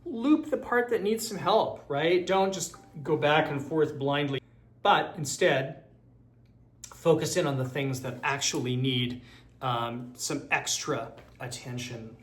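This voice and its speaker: Speaking slowly at a fairly high pitch, this man teaches violin online and fills his explanations of technique with many fillers. Violin plays behind him while he counts the beats and calls out rhythms.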